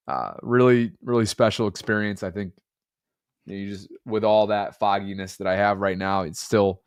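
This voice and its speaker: A man's voice: on the low side, clean tone, no echo, clean studio sound. A man in his thirties co-hosting a podcast, congested and under the weather, talking in a rambling, earnest, reflective way. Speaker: podcast co-host. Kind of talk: casual chat.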